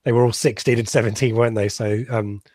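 A man hosting a football podcast in a loose, rambling chat, full of ums and easy laughter. His voice sits at an ordinary middle pitch. The sound is dry and close, with no room around it. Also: flat delivery, fast talker, darkish tone, no room sound. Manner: chatty, rambling, laughs often, many ums. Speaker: podcast host.

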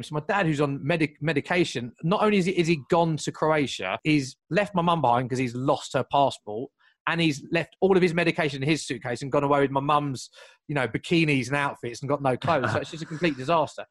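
A young man telling a long story in casual chat, lively and full of asides and restarts. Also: on the high side, no room sound. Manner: animated, fast, piles up asides and restarts.

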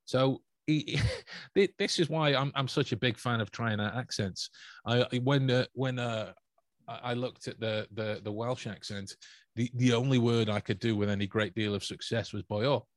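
A man's voice: mid-range voice, fairly even intonation, moderate pace, no room sound. A man, co-hosting a podcast in rambling, chatty conversation full of restarts. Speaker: podcast co-host. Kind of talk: casual podcast chat.

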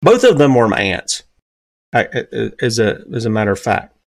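A man's voice: sing-song, normal speed, gravelly, dry recording, clean studio sound. Emphatic Southern man in his fifties. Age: 50s. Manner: emphatic, rhetorical questions, pitch jumping up on key points. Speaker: radio talk show host. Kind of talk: opinionated talk radio commentary.

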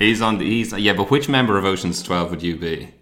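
A man's voice: low voice, fairly quick, a crowd in the background. A man hosting a podcast, chatting casually and laughing often. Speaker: podcast host. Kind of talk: casual chat.

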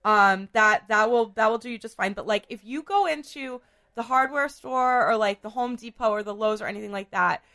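A woman hosting a podcast in a casual chat, hoarse from a cold, chatty and full of fillers. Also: on the high side, moderate pace, sharp tone. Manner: chatty, filler-heavy, laughs often. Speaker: podcast host.

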